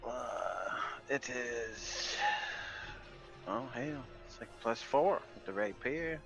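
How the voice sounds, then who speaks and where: A man's voice: medium pitch, expressive, slow, creaky, music in the background. A man who is new to tabletop games, asking hesitant questions about his character's weapons. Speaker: new player. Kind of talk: casual chat during a tabletop game.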